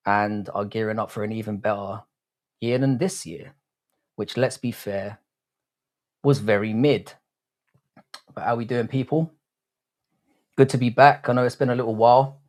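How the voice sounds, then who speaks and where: A man's voice: medium pitch, darkish tone. A man, hosting a livestream from a room at home, casually chatting and bantering with his viewers, swearing freely. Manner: laid-back, swears freely, banters with chat. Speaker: livestream host.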